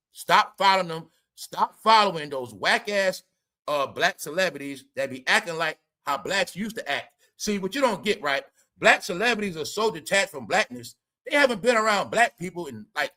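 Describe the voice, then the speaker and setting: A man hosting a casual commentary show, talking in an animated, profane, rambling way. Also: high-pitched.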